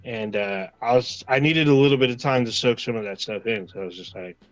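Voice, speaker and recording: A man co-hosting a casual livestream chat, rambling along in a relaxed way and acting out his own reactions. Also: medium pitch, brisk, dry recording. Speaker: podcast co-host.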